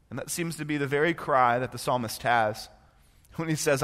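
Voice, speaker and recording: Male preacher, bright and slightly high, shifts from hushed story to fervent sermon, long hall echo. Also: brisk. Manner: builds from quiet storytelling to impassioned preaching. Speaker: pastor.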